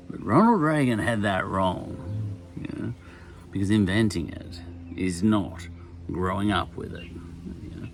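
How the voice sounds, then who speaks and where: A man's voice: fairly low pitch, lively intonation, measured pace, pauses often, a little hiss or hum. An Australian man in his sixties, talking casually in a rambling podcast monologue, full of wry asides and chuckles. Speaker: podcast host.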